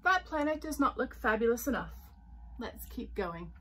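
A woman voicing a bossy, grumpy male unicorn astronaut who snaps loudly and sounds self-important. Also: on the high side, sing-song, normal speed, slight background noise, voice pushed up. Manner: loud, snapping, self-important.

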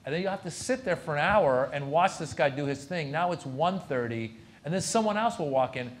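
A man's voice: a little high, expressive, fairly quick, background noise. A man, a comedian, telling anecdotes at a lecture Q&A and acting out other people's lines. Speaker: comedian guest at a university lecture. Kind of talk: storytelling anecdote in a Q&A.

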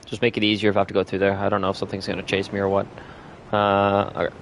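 A man's voice: fairly low pitch, completely flat delivery, very fast, slight background noise. A young man streaming a video game with a friend, chatting casually, swearing freely and laughing often. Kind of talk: casual chat while gaming.

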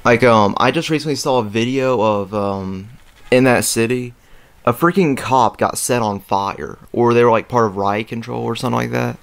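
A man's voice: medium pitch, moderate pace. Young man chatting over gameplay. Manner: rambling, filler-heavy, frequent throat clearing. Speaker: let's play host. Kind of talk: casual gameplay commentary. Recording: faint game music behind.

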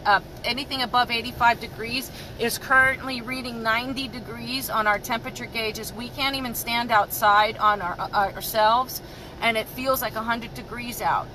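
A woman's voice: a little high, steady tone, normal speed, bright, forceful tone, a little hiss or hum, low-quality recording. A woman animal rescue activist speaking firmly and urgently to viewers in a live video.

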